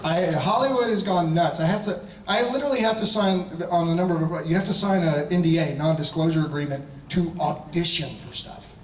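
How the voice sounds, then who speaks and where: Man in his fifties, lively storyteller, fairly high voice, echoey hall audio from a distance. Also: fairly quick, slight background noise. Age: 50s. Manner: animated storyteller, chuckling and restarting sentences. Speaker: guest actor at a fan convention panel. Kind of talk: casual anecdote-telling to an audience. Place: large convention hall panel.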